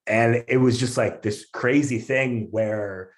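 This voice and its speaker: Animated male comedian telling a story. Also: mid-range voice, slow. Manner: animated, lots of fillers and restarts. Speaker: comedian guest. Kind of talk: casual podcast storytelling.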